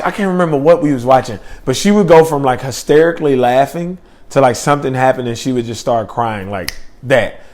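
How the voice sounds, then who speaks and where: A young man telling a personal story in a laid-back, slangy, rambling way with lots of fillers. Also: mid-range voice. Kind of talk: casual storytelling.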